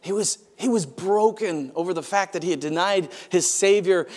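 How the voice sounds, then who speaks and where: A man preaching a sermon as pastor, moving between hushed, quiet stretches and loud, pressing passages, often restarting his phrases. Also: sits high, moderate pace, few pauses. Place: large church auditorium.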